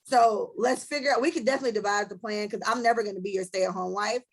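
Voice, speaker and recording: A woman hosting a casual podcast chat, telling stories in a blunt, animated way with lots of profanity. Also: medium pitch, quick pace. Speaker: podcast host.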